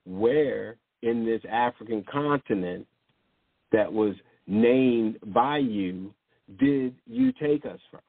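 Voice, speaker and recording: A man's voice: medium pitch, big pitch swings, takes it slowly, vocal fry, no echo. A man preaching an impassioned sermon, speaking emphatically and firing off rhetorical questions. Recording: dry, tinny phone-like sound.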